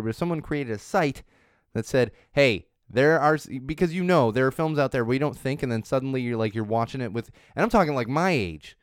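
Here a man in his 30s chats casually as host about what's trending, wandering off and frequently starting his sentences over. The pitch is medium and the voice smooth, with no echo and studio-quality audio.

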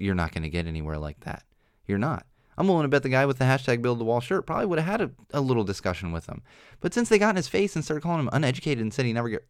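A man's voice: medium pitch, no echo, studio quality. A young man hosting a solo podcast, rambling with many restarts, earnest and exasperated. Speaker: podcast host. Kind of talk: solo opinion monologue. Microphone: studio microphone.

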